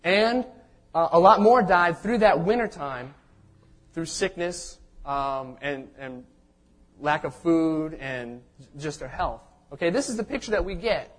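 A pastor with a slightly high voice preaches a sermon at a measured pace. He tells the story conversationally, often checking in with the congregation by asking "okay?".

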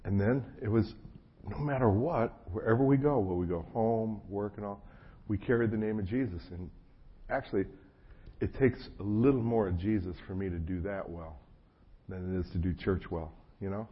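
A man's voice: on the low side, normal speed. A man from New Jersey, a pastor, preaching in a loose, conversational way with storytelling asides and a frog in his throat. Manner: folksy, self-deprecating storytelling with many asides. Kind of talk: conversational sermon. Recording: muffled lo-fi audio with faint hum.

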